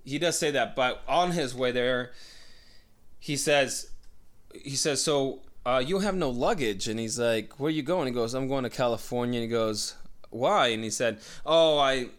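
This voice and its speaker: A man's voice: medium pitch, moderate pace. A man telling a long story in casual chat, swearing a lot and acting out the voices of the people in it. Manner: profane, rambling, acts out voices.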